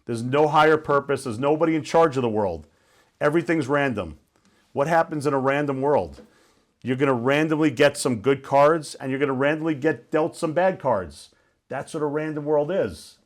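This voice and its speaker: Male guest speaker, casual storytelling talk, checks in with the audience. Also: medium pitch. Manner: conversational, asks listeners questions.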